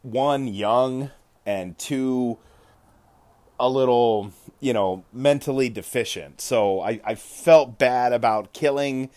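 Speaking slowly in a mid-range, darkish voice, a male podcast host retells a tabletop gaming session in a relaxed storytelling style. Profanity comes freely, and he frequently corrects himself in the middle of sentences.

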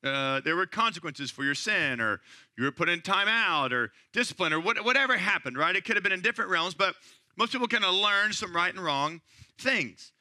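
Thirties male pastor, chatty sermon delivery, high bright voice, dry close recording. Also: expressive, fairly quick, no echo. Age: 30s. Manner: conversational storytelling, frequent "right?" asides.

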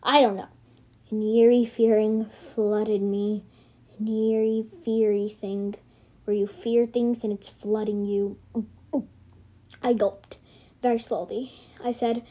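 A woman's voice: medium pitch, level tone, slow, pauses often, mellow. A woman reading her homemade storybook aloud, rambling into self-correcting asides.

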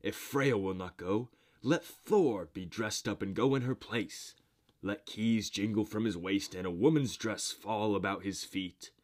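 A man reading a storybook and voicing a foresighted male god who urges the others to act, in a loud, pressing tone. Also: on the low side, voice pushed up, lightly acted. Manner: loud, urgent commands. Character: Heimdall, foresighted male god urging action.

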